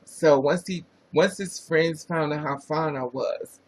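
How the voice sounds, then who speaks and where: Greeting his viewers by name, a sassy, chatty livestream host with a New Jersey accent keeps things casual. His voice sits on the high side, his pace is measured, and the recording is low-quality.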